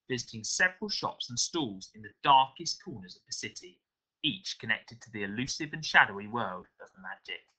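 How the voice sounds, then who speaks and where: A male teacher reading a novel aloud to his class with expressive storytelling. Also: mid-range voice, low-quality recording.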